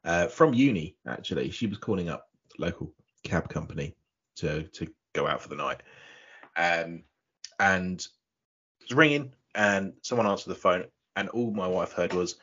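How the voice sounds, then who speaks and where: A man telling a story in casual podcast chat, in a measured, dry way. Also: sits low, animated, fairly bright tone. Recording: muffled lo-fi audio.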